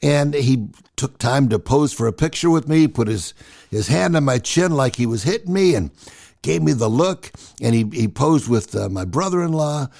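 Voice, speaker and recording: An older man in his sixties with a gravelly edge spins personal stories in a casual, chatty way. His voice rises and falls freely as he tells them. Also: mid-range voice, moderate pace. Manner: animated, chatty storyteller. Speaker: storyteller.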